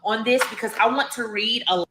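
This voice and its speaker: A woman's voice: fairly high pitch, a little fast, background noise. A woman reading entries from her old diary aloud, breaking off for chatty asides to her listeners. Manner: chatty, addresses listeners as y'all. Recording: echoey room.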